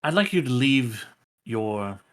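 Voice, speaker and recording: A man's voice: mid-range voice, animated, slow, a bit bright. A man voicing a stern, commanding human bishop in a tabletop game. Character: stern composed male human bishop, mid-thirties.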